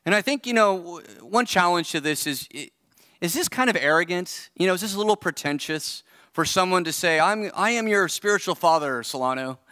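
A man's voice: high voice, animated, brisk, sharp tone, dry recording, studio quality. A man in his forties preaching a sermon as pastor, earnest and conversational, thinking aloud as he goes. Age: 40s. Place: church service.

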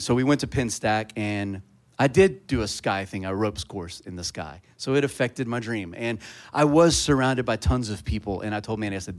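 Pastor telling a story in a sermon. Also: male voice, lowish voice, expressive, normal speed. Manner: conversational storytelling that rises to loud, fervent preaching.

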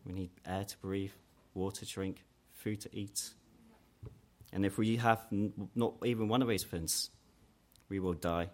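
A man preaching a sermon in an earnest way, growing louder and higher when he voices quoted challenges. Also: fairly even intonation, a little slow. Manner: earnest, rises in pitch and force when quoting mockers.

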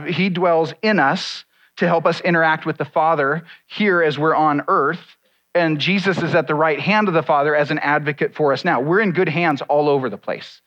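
A man's voice: a little high, a bit bright, highs cut off. A pastor delivering a conversational sermon to his congregation, with asides and small jokes to the listeners. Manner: conversational, self-deprecating preaching with asides to the congregation.

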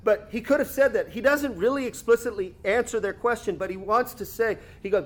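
High-voiced man preaching a sermon. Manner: reads scripture aloud, then explains it conversationally; slows down and stretches words for emphasis. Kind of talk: expository sermon.

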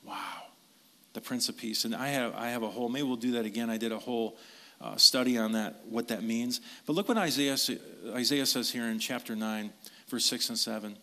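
A pastor delivering a conversational sermon, with chatty asides and questions to the congregation. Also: male voice, mid-range voice, brisk. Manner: conversational, animated preaching with asides.

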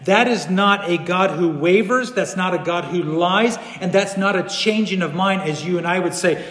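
A high-voiced man preaching a sermon in a church hall, his voice ringing with long reverb. He swings between loud, animated stretches and low, hushed passages. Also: moderate pace, few pauses. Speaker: pastor. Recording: echoey hall.

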